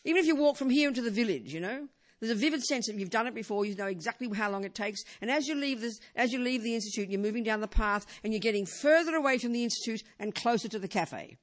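An older female Buddhist teacher speaks fast in a slightly high, expressive voice. The informal talk is conversational, dotted with "you know" and rhetorical questions, and swings from emphatic to hushed delivery.

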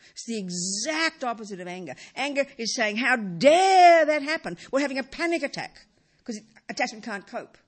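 A husky woman delivers a dharma talk with a lively, rising and falling voice. She presses her points with repeated words and restarts, then lets them settle low and soft. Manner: lively pitch, drops low and soft at phrase ends. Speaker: Buddhist teacher.

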